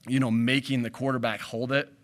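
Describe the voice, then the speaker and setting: Rambling football coach at a podium. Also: male voice, medium pitch, flat delivery, fairly quick. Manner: rambling, frequent restarts and "like" fillers. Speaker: head coach. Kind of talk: postgame press conference answers. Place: press conference podium.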